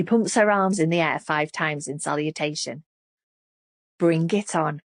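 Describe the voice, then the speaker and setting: A woman reading an audiobook thriller in an expressive, scripted narration. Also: sits low, unhurried, no room sound, studio quality.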